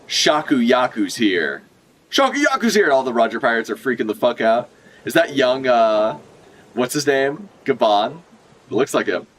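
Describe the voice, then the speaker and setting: A young man giving excited, joking live reaction commentary, swearing freely and laughing a lot. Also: mid-range voice, moderate pace. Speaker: manga reaction streamer.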